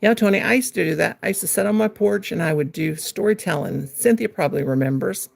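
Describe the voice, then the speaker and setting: Gravelly, husky woman rambling through a story. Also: lowish voice, quick pace. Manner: rambling storyteller, reads out viewer comments. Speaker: livestream host. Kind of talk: casual livestream chat while crocheting.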